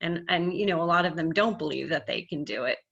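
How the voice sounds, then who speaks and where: A woman's voice: fairly low pitch, lively intonation, fast talker, creaky, fairly bright tone, husky. A middle-aged woman hypnotherapist giving a casual, earnest business lesson to camera, speaking with confident emphasis. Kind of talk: casual instructional talk to camera. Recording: dull lo-fi audio.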